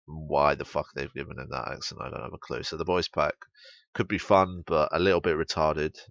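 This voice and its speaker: Sweary English man, very deep, gravelly. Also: fairly quick, fairly bright tone, no echo, muffled recording. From England. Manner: blunt, sweary, rambling. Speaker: game patch reviewer. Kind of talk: casual game commentary.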